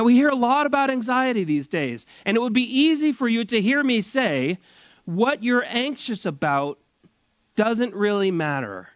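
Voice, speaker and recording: Lively high-voiced preaching man. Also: no echo. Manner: expressive preaching with slowed, emphatic phrases. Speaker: pastor. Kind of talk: sermon. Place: church service.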